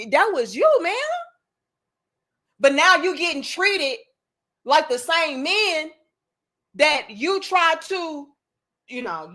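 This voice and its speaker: Her voice a little high, pushed and bright, the commentary channel host in her thirties talks bluntly to her live chat. She stresses her points, swears freely and recounts personal stories.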